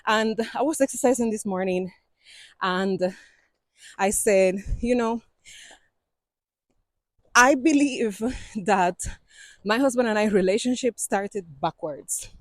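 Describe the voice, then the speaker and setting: Breathy Cuban woman vlogging on a trail. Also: mid-range voice, no echo. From Cuba. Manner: chatty, laughs often, non-native phrasing. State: out of breath from climbing. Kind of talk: casual walking vlog. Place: mountain trail outdoors.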